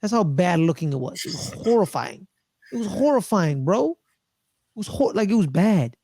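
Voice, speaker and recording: A man co-hosting a casual sports podcast, talking excitedly and repeating phrases for emphasis. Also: high voice, moderate pace, gravelly, husky. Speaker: podcast co-host.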